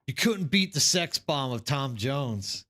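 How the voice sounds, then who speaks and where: Bright-voiced chatty male game streamer. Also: medium pitch, lively intonation, takes it slowly. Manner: chatty, rambling, talks to viewers by name. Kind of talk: casual live-stream chat.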